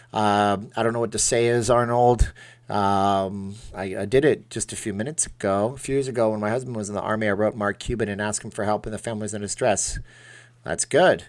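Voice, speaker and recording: A man hosting a casual live stream from home, reading viewer comments aloud and answering them in a chatty, self-deprecating way. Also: medium pitch.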